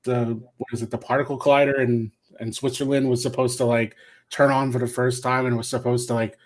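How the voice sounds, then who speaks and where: A man's voice: medium pitch, little pitch movement, a little fast. A man reminiscing in rambling casual chat as a podcast guest.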